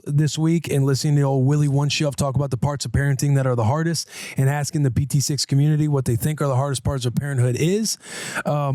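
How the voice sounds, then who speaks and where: A man's voice: a little high, warm tone, no echo, studio quality. A man co-hosting a podcast, telling stories in a laid-back, joking way. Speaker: podcast co-host. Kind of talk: casual chat.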